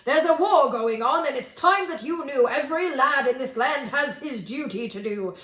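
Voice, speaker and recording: A woman's voice: sits high, expressive, normal speed, a bit bright. A woman putting on a blustering army general, bellowing orders, storybook reading, echoey room. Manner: bellowing commands.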